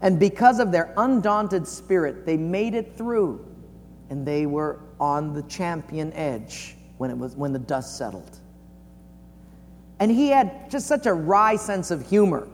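A man preaching a sermon in a folksy storytelling way, acting out the quotes with big swings in pitch and loudness. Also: lively intonation, unhurried, in a large hall. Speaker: pastor.

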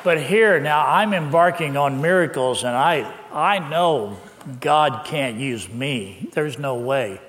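Older pastor in a reverberant hall. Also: male voice, fairly high pitch, slow pace. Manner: lively anecdotal telling, with laughs. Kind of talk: sermon storytelling.

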